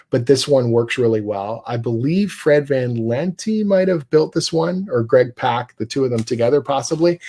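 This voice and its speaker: A man's voice: medium pitch, darkish tone. A man teaching a live online class about writing scripts, explaining casually with many fillers and restarts. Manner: reads his own script passages aloud. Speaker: comics writer teaching a class.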